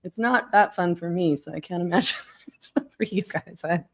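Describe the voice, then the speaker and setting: A woman's voice: fairly low pitch, fairly quick. A woman hosting a casual live-streamed talk show, chatty and self-deprecating, rambling with fillers, her mic set a bit far from her face. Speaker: host.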